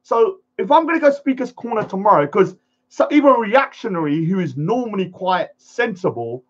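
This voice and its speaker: A man's voice: sits high, animated, moderate pace, dull audio. A man ranting defiantly to camera, acting out pleading voices as he goes. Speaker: vlogger.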